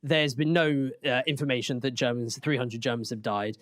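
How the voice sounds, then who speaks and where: A man's voice: medium pitch, moderate pace, a bit bright, no echo, studio quality. A man co-hosting a comedic history podcast, narrating playfully and laughing often. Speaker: podcast co-host.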